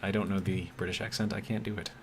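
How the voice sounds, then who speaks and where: A man's voice: low voice, flat delivery, quick pace, noisy background. A man streaming a game live, talking casually and reading chat messages aloud, in an easygoing, hesitant way with lots of ums and self-corrections.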